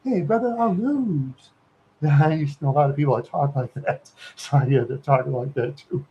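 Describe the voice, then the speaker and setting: A man's voice: mid-range voice, fairly even intonation, brisk, mellow, muffled recording. A man from Minnesota hosting a live stream, rambling through stories, repeating words and chuckling often.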